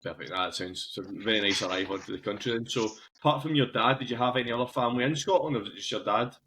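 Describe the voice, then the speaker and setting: A man's voice: medium pitch, quick pace, pushed and bright, a little hiss or hum. A man hosting an interview podcast, asking long, loosely phrased questions. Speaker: podcast host.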